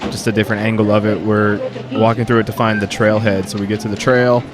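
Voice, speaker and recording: A man with a fairly low voice talks through his travel footage in a relaxed, chatty way, with a dry touch of humor. The busy murmur of a crowd runs behind him, and the whole thing plays like a casual travel vlog. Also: quick pace. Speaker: traveling teacher narrating his trip.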